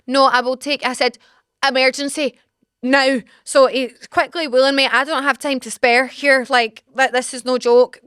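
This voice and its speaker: Young Scottish woman, podcast host, animated storytelling, smooth voice, dry close sound. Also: fairly high pitch, no room sound. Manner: animated, exasperated, laughing storyteller. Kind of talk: casual storytelling monologue. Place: studio.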